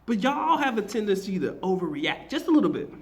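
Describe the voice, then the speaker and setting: An animated man talking slangy and loose in a casual reaction video, his pitch swinging high and low. He is emphatic and breaks into laughs as he speaks. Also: brisk. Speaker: marketing teacher and vlogger.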